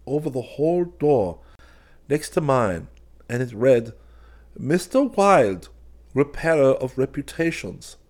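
A soft, questioning storybook figure, pitched higher than the reader's own low voice, as a man puts him on, gentle and suspicious. His lines rise and fall in a lively way. He probes carefully rather than confronting. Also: heavily acted.

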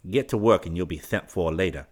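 A man's voice: sits low, brisk, close to an everyday voice. A man voicing a grim young man who gives curt, surly orders.

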